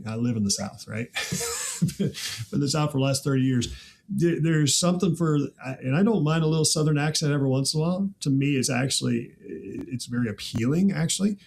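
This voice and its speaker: A man who grew up in the Midwest, hosting a casual chat with an animated, laughing manner and frequent rhetorical asides. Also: mid-range voice, vocal fry. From American Midwest. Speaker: podcast host.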